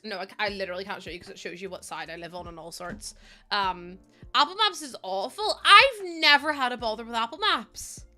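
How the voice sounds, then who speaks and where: This is a twenty-something woman with an Irish accent, gaming on stream at home and chatting in a loose, rambling way punctuated by laughter. Her voice sits mid-range and sounds pushed and bright.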